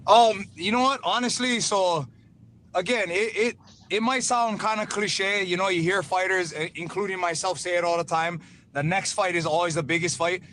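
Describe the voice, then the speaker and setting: A man's voice: high-pitched, normal speed, a little hiss or hum. A man, a professional fighter, calling into a radio show from his truck, talking with energy and easy slang. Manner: energetic, laid-back slang. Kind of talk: casual call-in interview.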